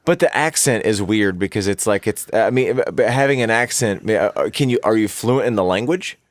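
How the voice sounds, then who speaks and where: Low-voiced man in casual podcast chat. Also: expressive, dry recording. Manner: rambling, halting, lots of restarts and profanity. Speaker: podcast co-host.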